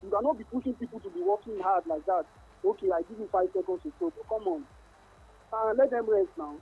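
A man's voice: high voice, animated, fairly quick, gravelly, slightly rough, narrow, tinny audio. A man calling in to a sports radio show, emphatic and casual. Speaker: caller.

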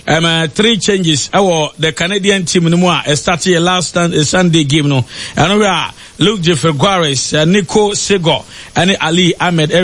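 Man, radio pundit, high-pitched, hesitant, filler-heavy. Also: fairly bright tone. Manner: halting, many fillers. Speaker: match analyst. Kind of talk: sports radio analysis.

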